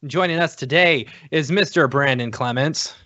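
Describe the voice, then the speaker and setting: A man's voice: a little high, moderate pace, sharp tone, dry recording. A man co-hosting a casual live podcast, bantering in an easygoing, joking way. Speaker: podcast co-host. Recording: dry, dull lo-fi online call audio.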